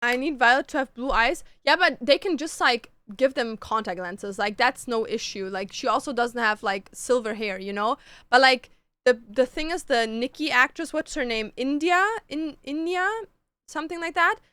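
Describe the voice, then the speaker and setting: A woman's voice: high voice, moderate pace, bright, forceful tone, clear, resonant tone, dry recording, clean studio sound. A woman streamer chatting casually with her chat, gushing about books and shows and swearing freely. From Canada.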